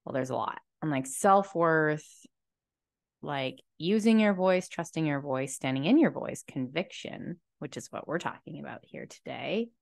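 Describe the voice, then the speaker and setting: A young woman with a stuffy cold and low energy, talking to camera in a slow, reflective personal monologue with many fillers, seated indoors in a chair. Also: animated, gravelly, dry recording, clean studio sound. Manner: slow, slumped, soft-spoken musing with many fillers. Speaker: podcast host and tarot reader.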